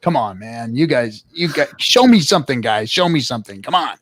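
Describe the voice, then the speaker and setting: A man's voice: medium pitch, lively intonation, a little fast, a bit bright, dry recording. Profane storytelling middle-aged man. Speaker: show regular. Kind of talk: casual livestream chat.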